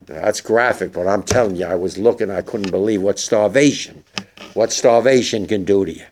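An older man, a war veteran, gives spoken testimony to young listeners, halting and emotional with many restarts. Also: lowish voice, darkish tone, slight background noise.

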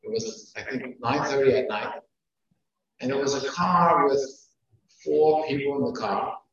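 A man's voice: mid-range voice, a little slow, a bit bright, dull audio. Guy teaching a class, repeats stuff for emphasis, far off mic, super echoey room. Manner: emphatic, repeats key phrases; counts off numbered points.

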